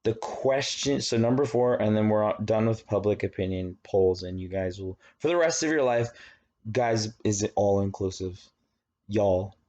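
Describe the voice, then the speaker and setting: Chatty low-voiced man lecturing, lo-fi. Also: normal speed, mellow. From Virginia, United States. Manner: chatty, rambling asides, frequent fillers. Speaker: college government teacher. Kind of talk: recorded online lecture.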